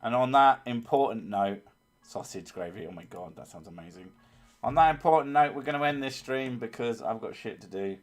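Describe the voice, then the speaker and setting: A man's voice: medium pitch, expressive, brisk, soft background music. A man hosting a casual live stream, chatting crudely with lots of swearing and laughter. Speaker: streamer, host of a horror story channel.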